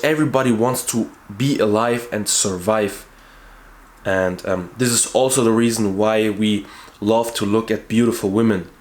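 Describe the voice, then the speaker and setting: A man talking earnestly to camera as a YouTuber, stressing key words by repeating them and restarting sentences as he searches for words. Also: fairly low pitch. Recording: roomy echo.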